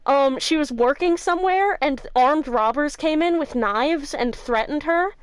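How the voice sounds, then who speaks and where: A young woman streamer, excitable and quick to swear, chatting while she plays through a courtroom game. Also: high-pitched, no echo, rough recording. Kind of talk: reading a game aloud with commentary.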